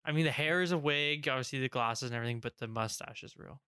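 A man's voice: mid-range voice, quick pace, bright, forceful tone, clear, resonant tone, no echo, clean studio sound. A man co-hosting a podcast, rambling easily in casual chat with lots of fillers. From England. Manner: easygoing, rambling with many fillers. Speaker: podcast co-host.

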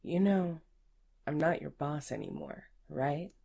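A sly, commanding female boss, voiced by a woman reading an erotic audiobook, low in pitch and unhurried. She gives her orders in a hushed, teasing tone. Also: expressive, vocal fry, exaggerated voice. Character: stern, teasing female office supervisor.

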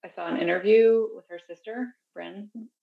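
A woman's voice: medium pitch, moderate pace, vocal fry, phone-quality sound. A woman co-hosting a podcast in casual chat, rambling with fillers as she shares news. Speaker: podcast co-host.

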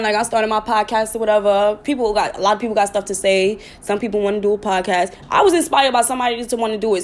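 A woman hosting her own podcast, talking casually and bluntly to her listeners, with plenty of swearing. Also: mid-range voice. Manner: blunt, profane, chatty, with sudden laughing outbursts. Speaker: podcast host. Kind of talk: casual live talk to listeners.

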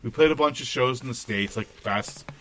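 A blunt, foul-mouthed man swaps stories on a casual podcast. His voice sits at an ordinary pitch, and a faint hiss of noise runs under the recording. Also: moderate pace. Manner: blunt, swears freely, storytelling. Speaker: guest, metal musician. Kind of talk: casual chat.

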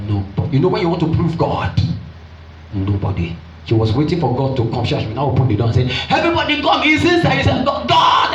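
Animated pastor, in a roomy hall. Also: male voice. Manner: animated storyteller acting out voices, jumping high for excited women. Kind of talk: storytelling sermon. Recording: roomy, distant and dull.

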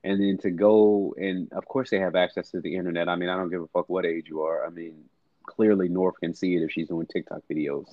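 Deep-voiced, foul-mouthed male podcast host. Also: level tone, a little fast, no echo, narrow, tinny audio. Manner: blunt and profane, emphatic. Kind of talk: casual music chat.

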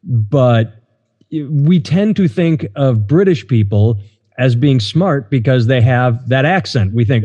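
Speaking unhurriedly in a mellow, medium-pitched voice with lively intonation, a middle-aged man from the United States hosts a casual podcast. He rambles and hesitates, full of fillers, on a dull lo-fi recording made in an echoey room.

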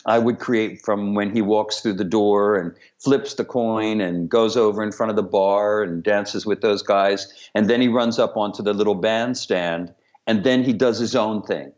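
A man's voice: fairly low pitch, steady tone, moderate pace, a little mellow. A man, a director and choreographer, talking candidly and with humor in a remote interview over a video call. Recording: dull lo-fi call audio.

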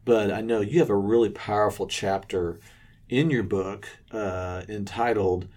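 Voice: low voice, fairly even intonation, measured pace, darkish tone. A podcast host guiding a faith conversation, asking questions and affirming the guests' answers. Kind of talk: hosting a faith talk show.

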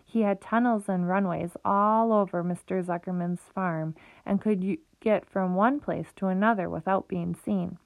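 A woman's voice: medium pitch, normal speed, vocal fry, hardly any pauses, dry recording. Woman reading aloud over a tinny line. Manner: lively, with small slips and restarts. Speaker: reader. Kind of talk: reading a children's book aloud. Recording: tinny phone-like recording.

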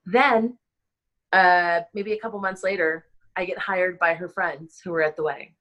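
A middle-aged woman recounting a hard memory in a relaxed interview, her fairly low voice halting and full of restarts. She sounds emotional but keeps going, circling back over her words as she talks. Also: poor audio. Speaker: wedding planner, guest. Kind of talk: casual interview storytelling.

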